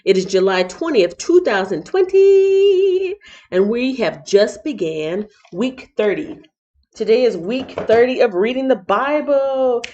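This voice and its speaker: A woman's voice: on the high side, animated, a little slow, a little mellow. A woman from Texas hosting a casual live-stream Bible reading, chatty and playful as she greets her viewers. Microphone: laptop mic. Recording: dull lo-fi laptop audio.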